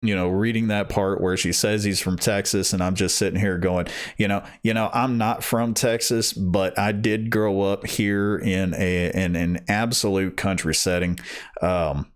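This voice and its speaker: A man reading an audiobook, talking casually to listeners afterwards in a slow, rambling way that keeps correcting itself. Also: low-pitched, fairly even intonation, clean tone. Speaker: audiobook reader.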